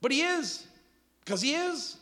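Inside a church sanctuary, a male pastor delivers a sermon at a measured pace. He acts out quotes in a high, animated voice that jumps up and down, adding jokes between his points. Every word rings out with a long echo through the reverberant hall.

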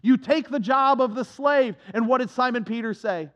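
A man preaching a sermon, swinging from hushed, soft passages to impassioned, raised delivery. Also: very high-pitched, normal speed, muffled recording.

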